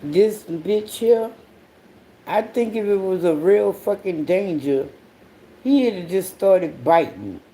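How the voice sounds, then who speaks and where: A podcast host telling a story in a casual monologue, blunt and profane, breaking into sudden high outbursts and laughing along the way. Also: animated, takes it slowly, warm tone.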